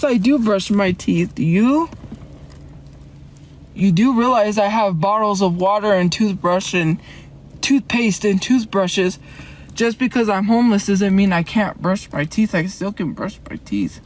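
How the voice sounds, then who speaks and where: There's slight background noise as a medium-pitched woman livestreams from her car. She talks in a rambling, defensive style and meets her chat's messages with quick laughs.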